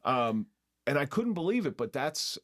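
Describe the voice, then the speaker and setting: A man's voice: medium pitch, sing-song, moderate pace, fairly bright tone. A middle-aged man hosting a podcast in casual conversation. He jokes and teases, and often restarts his sentences. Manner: joking, teasing, with frequent restarts. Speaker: podcast host.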